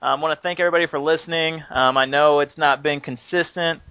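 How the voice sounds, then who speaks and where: A man's voice: a little high, fairly even intonation, quick pace, clean tone. Joking man hosting a podcast, lo-fi sound. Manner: joking, rambling, laughs often. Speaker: podcast host. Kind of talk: casual chat.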